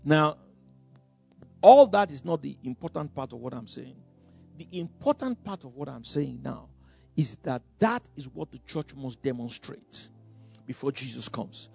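Gravelly preacher with lively pitch. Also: male voice, unhurried, soft background music. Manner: dramatic, sudden loud bursts, chuckles between phrases, stumbles and repeats words. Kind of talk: sermon.

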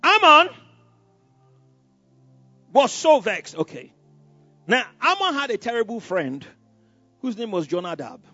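A man's voice: extremely high pitch, big pitch swings, unhurried, long pauses, sharp tone, dry recording. A male pastor preaching a sermon, telling a story with many "you know" asides and stammered repeats. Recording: dull lo-fi sound with faint music.

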